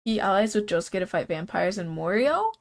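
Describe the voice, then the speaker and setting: A woman's voice: mid-range voice, big pitch swings, fairly quick, creaky. A congested young woman streaming, chatting casually and rambling with frequent laughs.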